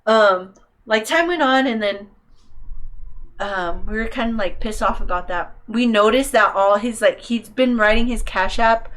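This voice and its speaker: A woman's voice: on the high side, a little slow, a bit bright. A young woman casually telling a long story on a podcast, rambling and swearing, full of "like" and acted-out quotes. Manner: rambling, profane, heavy on "like". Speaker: podcast co-host.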